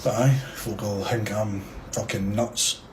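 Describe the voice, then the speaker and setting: A man's voice: fairly low pitch, fairly even intonation, a little slow. Swearing, ranting Scottish man. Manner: heavily profane, loud, defiant. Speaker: guest or caller. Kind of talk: angry political rant. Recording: noisy background.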